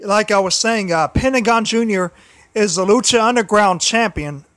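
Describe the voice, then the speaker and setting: A man hosting a casual solo wrestling livestream, his voice tired from a sore throat, talking haltingly with many restarts and repeated phrases. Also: high voice, fairly bright tone, no echo.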